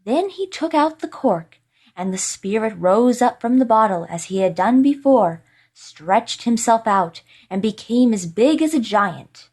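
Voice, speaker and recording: A woman's voice: a little high, lively intonation, a little slow, a little mellow, husky. Woman reading a fairy tale aloud. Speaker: storyteller. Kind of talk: storybook reading.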